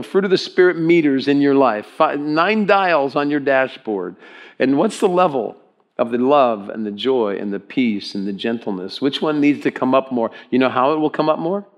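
A man preaching a sermon in a church, with an average, mid-pitched male voice. He speaks emphatically, repeats his words and throws questions at the congregation. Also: lively intonation, moderate pace, lo-fi sound. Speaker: pastor.

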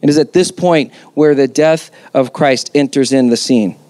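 A man's voice: medium pitch, moderate pace, dark tone, no room sound. A man preaching a sermon as pastor, conversational yet emphatic, with rhetorical questions.

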